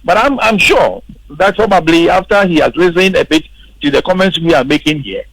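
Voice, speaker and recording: On a radio panel in the studio, a male political commentator presses his points emphatically, repeating words for stress. His voice is on the high side, expressive, brisk, and a bit bright, though the audio is poor.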